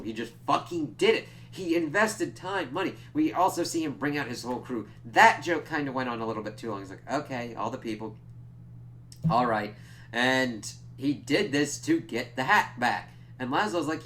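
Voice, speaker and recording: A man's voice: medium pitch, expressive, normal speed, a bit bright, a little hiss or hum. Profane, rambling young man reviewing TV. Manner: rambling and profane, acts out quoted lines. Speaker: TV episode reviewer. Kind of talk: casual spoken review.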